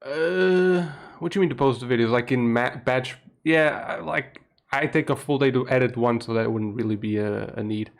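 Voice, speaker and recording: Portuguese guy streaming at 2am, talks quiet, laughs a lot, swears, chill. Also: normal speed, gravelly. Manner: keeps voice low, laughs often, swears casually. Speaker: streamer reacting live. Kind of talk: casual live-stream commentary. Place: home room at night.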